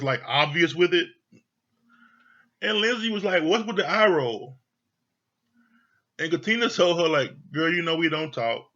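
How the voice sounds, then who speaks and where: A man with a fairly high, bright voice talks through a reality show episode in loose, profane commentary, slipping into quoted lines as he goes. The sound is a little dull and lo-fi. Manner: candid, profane, retells scenes with quoted voices. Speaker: show reviewer. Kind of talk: casual recap commentary.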